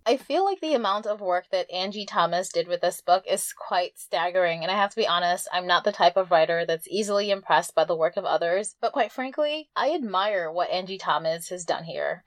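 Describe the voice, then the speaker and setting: A woman hosting a book podcast, giving an earnest, reflective review and reading passages aloud slowly. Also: fairly low pitch, no echo.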